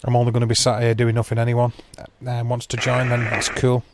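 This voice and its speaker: On his livestream, a man chats with his live chat in a completely flat, medium-pitched voice, a little fast. He rambles, calls viewers by name, and makes dry jokes at his own expense. Background noise is loud.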